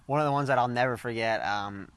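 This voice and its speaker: A man's voice: medium pitch, quick pace, a bit bright, clean tone. A man in his thirties from the St. Louis area, telling hockey stories in a casual interview. He rambles with many fillers and laughs easily. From St. Louis, USA. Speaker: interview guest, hockey player.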